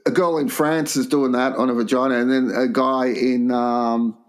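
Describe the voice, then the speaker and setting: A man's voice: mid-range voice, level tone, moderate pace. A man co-hosting a crude comedy podcast, firing off vulgar jokes and swearing often. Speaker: podcast co-host.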